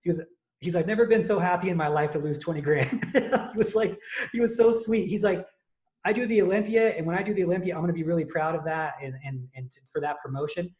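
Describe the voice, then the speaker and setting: Podcast host, male, young adult, fairly high voice, animated and rambling. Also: fast. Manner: animated storytelling, many fillers and restarts. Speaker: podcast host and contest prep coach. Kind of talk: casual chat.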